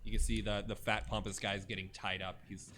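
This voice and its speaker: This young game master stumbles through his tabletop narration with plenty of fillers. He speaks in a lowish voice that barely moves in pitch, and there's background noise behind him.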